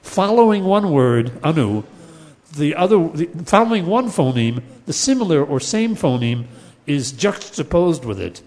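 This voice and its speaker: A man with a slightly high, a little mellow voice teaches Sanskrit poetics at an unhurried pace, his pitch swinging widely. He explains with patience, chants Sanskrit verses now and then, and regularly restarts sentences using fillers. This classroom lecture echoes with long hall reverb.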